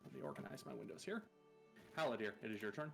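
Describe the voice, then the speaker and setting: A man's voice: on the low side, huge pitch swings, fast, creaky, soft background music. A man narrating a tabletop game as game master in a loose, casual way, swearing and laughing between rules calls.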